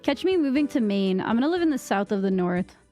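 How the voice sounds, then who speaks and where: A young woman from Massachusetts with a Boston accent, chatting casually with her stream viewers, rambling with lots of fillers, on a boom-arm mic at home. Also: very animated, fast talker, dark tone, faint music behind. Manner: rambling, many fillers and restarts. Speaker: live streamer. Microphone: microphone on a boom arm.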